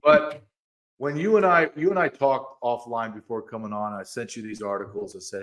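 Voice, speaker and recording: A man co-hosting a podcast in casual chat, animated and quick to get excited, sometimes reading quotes aloud. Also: medium pitch. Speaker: podcast co-host.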